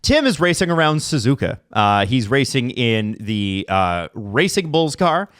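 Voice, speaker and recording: A man's voice: mid-range voice, unhurried, clear, resonant tone, dry recording. A man co-hosting a podcast, chatting casually and steering the show from one segment to the next. His voice swings widely up and down. It is recorded close and dry, with no room sound. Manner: animated, running the segments. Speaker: podcast co-host. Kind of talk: casual chat.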